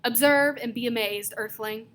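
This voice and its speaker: A small know-it-all boy in a storybook reading, as a woman reads him aloud. He speaks in formal, dictionary-like phrases with a slightly high, bright tone. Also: moderate pace, a little hiss or hum, close to an everyday voice. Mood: lecturing. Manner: precise, dictionary-like wording.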